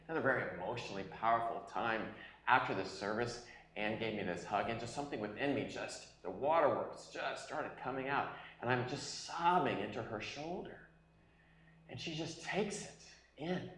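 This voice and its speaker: A man in his forties preaching a sermon as a pastor, telling personal stories earnestly, at times loud and at times hushed. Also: mid-range voice, animated, moderate pace. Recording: echoey room.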